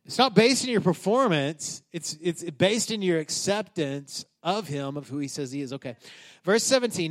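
Pastor guy in his 30s preaching, high voice, casual and emphatic, keeps restarting sentences. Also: big pitch swings, moderate pace. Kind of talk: sermon.

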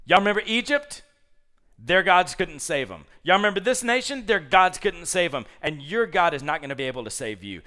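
A man voicing a bloodthirsty male enemy envoy who shouts mocking threats in a retold scripture story. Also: mid-range voice, fairly quick, few pauses, natural voice. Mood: taunting.

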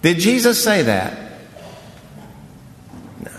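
A man's voice: sits high, wildly swooping pitch, slow pace, in a large hall. A man preaching a sermon as a pastor, in a conversational, wry storytelling manner. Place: church sanctuary.

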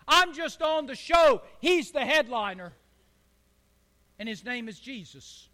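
A man's voice: extremely high pitch, animated, slow, pushed and bright, pitched above the performer's own voice, exaggerated voice. A man voicing a humble male prophet who speaks earnestly and downplays himself. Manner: earnest and self-effacing.

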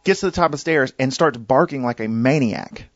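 A man's voice: medium pitch, fairly quick, no room sound, muffled recording, soft background music. Rambling man telling a story. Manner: rambling, animated storyteller with restarts. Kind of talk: casual storytelling chat.

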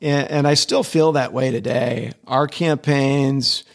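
A man's voice: medium pitch, fairly even intonation, takes it slowly, vocal fry. A middle-aged man, a guest in an interview, talking enthusiastically and repeating words as he restarts his sentences. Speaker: interview guest, advertising executive. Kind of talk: conversational interview.

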